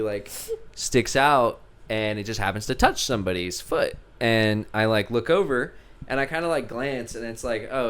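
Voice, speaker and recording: A young man hosting a podcast, telling an animated story in casual chat, swearing freely and often breaking into laughter. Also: medium pitch. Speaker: podcast host.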